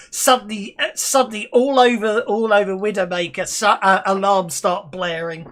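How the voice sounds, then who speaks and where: A man runs a sci-fi tabletop game as its narrator, with a fairly high voice. He stumbles through his descriptions, restarting lines and filling gaps with lots of ums and uhs. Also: fairly even intonation, a bit bright. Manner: halting, many fillers and restarts. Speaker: game master.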